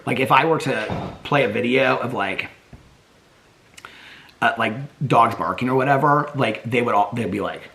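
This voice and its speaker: A man's voice: mid-range voice, normal speed, gravelly, pauses often, fairly bright tone. A man vlogging at home in a casual, rambling chat. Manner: chatty, rambling, baby-talks to his dogs.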